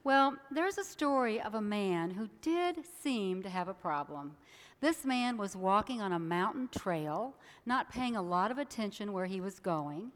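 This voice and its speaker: A woman minister giving a sermon, telling a story with lively acted voices. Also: medium pitch, long reverb tail. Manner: animated storyteller acting out voices. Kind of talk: sermon with a told joke.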